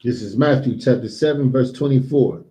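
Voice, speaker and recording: Slow, mellow-voiced man reading scripture. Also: medium pitch. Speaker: scripture reader.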